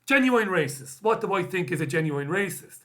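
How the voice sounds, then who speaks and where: Guy on a live stream reading out comments, blunt and sweary, bright punchy voice. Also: sits high, expressive, normal speed. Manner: blunt, swears freely, reads comments aloud and answers them. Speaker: host.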